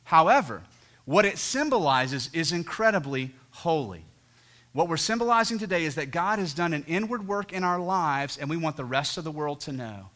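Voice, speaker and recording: Bright-voiced pastor preaching a sermon. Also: male voice, fairly high pitch, animated, moderate pace. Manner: earnest, storytelling with dramatic voiced quotes. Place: church sanctuary.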